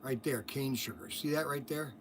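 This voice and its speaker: A man's voice: mid-range voice, expressive, normal speed, slight background noise. A man hosting a store livestream, telling casual stories in a rambling way, repeating himself and laughing at his own tales. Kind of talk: casual storytelling.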